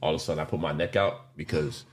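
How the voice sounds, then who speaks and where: A man's voice: extremely low pitch, steady tone, quick pace. A man in his forties co-hosting a podcast, talking candidly and rambling with slang and the odd curse. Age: 40s. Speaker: podcast co-host. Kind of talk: casual chat.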